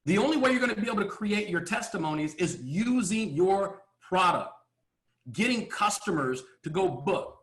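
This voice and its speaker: A man giving a motivational speech to a live audience from a stage, emphatic and full of rhetorical questions and pauses. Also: high voice, animated, a bit bright, roomy sound. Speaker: motivational speaker.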